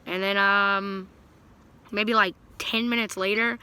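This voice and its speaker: A man's voice: high-pitched, little pitch movement, slow, pushed and bright, smooth. A young man telling a story to his viewers in a rambling, casual way, full of fillers and restarts. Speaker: vlogger.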